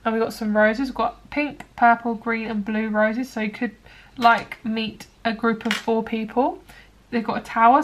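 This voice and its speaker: A woman's voice: on the high side, a little hiss or hum. A young woman chatting casually through a tarot reading, rambling with lots of fillers. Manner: chatty, rambling, many likes and ums. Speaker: tarot card reader.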